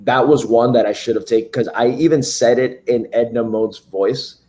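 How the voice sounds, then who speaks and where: A man guest in a casual chat, telling stories and acting out quoted lines, recorded in a quiet room at home. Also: medium pitch, normal speed. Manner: storytelling, acts out quoted dialogue. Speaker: podcast guest.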